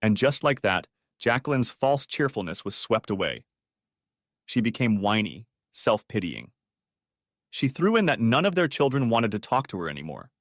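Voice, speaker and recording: A man narrating an audiobook story with expressive storytelling. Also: medium pitch, moderate pace, dry recording, clean studio sound.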